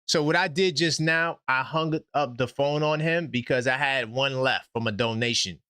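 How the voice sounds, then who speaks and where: A man hosting a live call-in sports show, talking fast and exasperated in slangy casual speech. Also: mid-range voice, bright, forceful tone, smooth, no room sound, studio quality.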